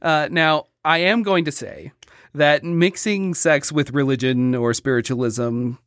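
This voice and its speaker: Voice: mid-range voice, fairly even intonation, unhurried, no room sound, studio quality. A podcast host in casual chat, easygoing and giggly, steering the talk back to the script.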